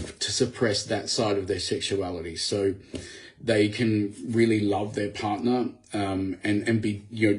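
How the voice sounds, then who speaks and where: A man with a low, gravelly voice rambles through a casual live video chat, full of fillers and restarts. He sounds relaxed and chatty, as if speaking into his computer at home at night. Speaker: author. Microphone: computer or phone for live video.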